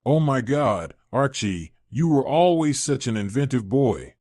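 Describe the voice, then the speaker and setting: A man's voice: mid-range voice, lively intonation, unhurried, a little mellow, no echo, studio quality. A man voicing an older mother fondly recalling her son's childhood.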